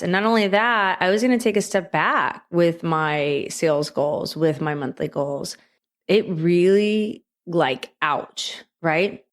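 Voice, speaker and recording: A woman hosting her own podcast, talking alone in a chatty, conversational way and often checking in with the listener. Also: on the low side. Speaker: podcast host. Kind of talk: solo podcast monologue.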